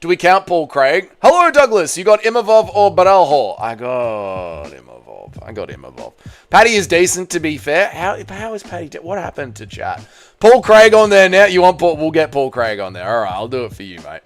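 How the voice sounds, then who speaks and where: A man's voice: high voice, big pitch swings, brisk. Bantering young male livestream host. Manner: bantering, answers chat, slangy with "mate" and "bro". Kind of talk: casual livestream chat.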